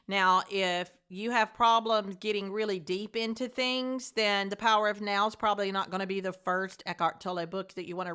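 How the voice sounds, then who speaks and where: A woman's voice: medium pitch, bright, forceful tone, clear, resonant tone. A middle-aged woman voice teacher hosting her podcast, giving heartfelt, effusive thank-yous. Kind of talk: podcast monologue.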